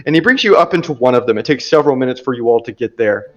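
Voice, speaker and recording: A man's voice: medium pitch, expressive, very fast, soft background music. A man narrating a tabletop game as game master, casual and chatty with filler words, on a dull lo-fi recording.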